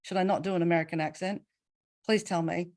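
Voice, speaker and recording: A middle-aged Australian woman giving a webinar keynote, telling stories with expressive emphasis and asking rhetorical questions. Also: fairly low pitch, fast. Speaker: keynote speaker.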